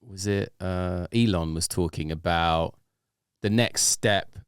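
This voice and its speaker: A man with a very low, smooth voice talks loosely on a podcast. He rambles and circles back on himself, dropping "like" everywhere. The sound is close and dry. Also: slow, no room sound. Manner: rambling, many "like"s and restarts. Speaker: guest DJ. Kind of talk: casual podcast chat.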